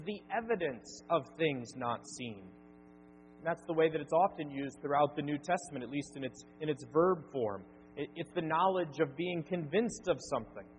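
A man preaching a sermon as pastor, earnest, slowing down to stress key words. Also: a little high. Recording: dull sound with long reverb and faint hum.

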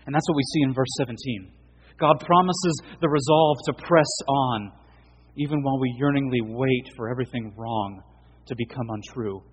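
A man preaching an earnest sermon as pastor, his voice swelling for emphasis and dropping low and soft. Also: a little hiss or hum, poor audio.

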